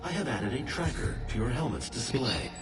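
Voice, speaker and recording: Calm game computer guy, a man doing it, measured, loud music underneath. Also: medium pitch, lightly acted. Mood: informative. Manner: measured, informative. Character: calm male computer voice of an armored suit. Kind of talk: video game dialogue.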